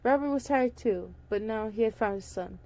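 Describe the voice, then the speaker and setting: A woman's voice: on the high side, moderate pace, warm tone. A young woman casually reading a story aloud, stumbling and restarting and breaking off for chatty asides. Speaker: audiobook reader. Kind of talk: casual book reading with commentary.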